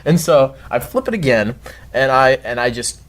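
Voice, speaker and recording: A man at a middling pitch spins a rambling story in casual podcast chat. He swears freely and leaps up loudly whenever he acts out his own shouting. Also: very animated, moderate pace. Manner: rambling and profane, yells quoted outbursts.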